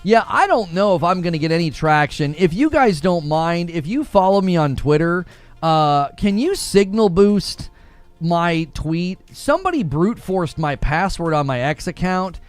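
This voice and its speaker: A man hosting a gaming livestream, chatting casually and acting out little jokey scenes in quick voices. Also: sits high, very animated, faint music behind. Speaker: livestream host reacting to gaming videos.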